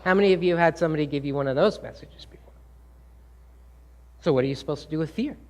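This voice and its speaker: A man's voice: fairly high pitch, quick pace. A man giving a talk to a live audience, asking them questions and acting out the scolding things people say. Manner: engaging, asks the audience questions and acts out quoted scolding. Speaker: speaker.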